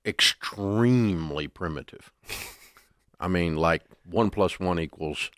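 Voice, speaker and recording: A deep-voiced man tells folksy, animated stories as an interview guest. His voice sounds dry and close, with no room echo. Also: slow pace. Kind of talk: casual interview storytelling.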